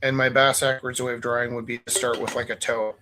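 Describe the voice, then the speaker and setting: A man's voice: mid-range voice, brisk, noisy background. A man in his forties, an art teacher, telling stories casually and with energy as he paints, joking and acting out his students. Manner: animated, acts out his students' voices; loose and joking. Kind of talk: casual storytelling while painting.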